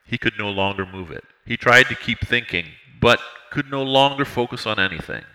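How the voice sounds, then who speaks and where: A man narrating an audiobook in a measured, steady reading. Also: medium pitch, rough recording.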